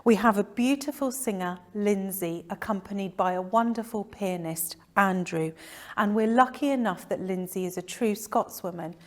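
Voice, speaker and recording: Woman presenter, mid-pitched, calm and measured, remembrance service address.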